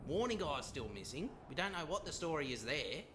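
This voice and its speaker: A man's voice: on the high side, sing-song, fairly quick, background noise. A man with an Australian accent playing a brash, foul-mouthed mentor in a game roleplay, giving swaggering pep talks. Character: brash, foul-mouthed male mentor who loves to fight.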